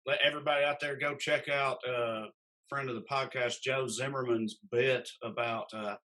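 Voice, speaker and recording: A man's voice: mid-range voice, fairly even intonation, moderate pace, pushed and bright. A man, chatting casually as a podcast co-host, laid-back and swearing. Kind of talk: casual chat.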